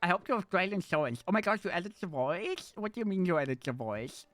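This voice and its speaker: A man streaming live in casual chat, playful and animated, jumping from excited squeals to low mutters. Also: quick pace, no room sound, faint music behind.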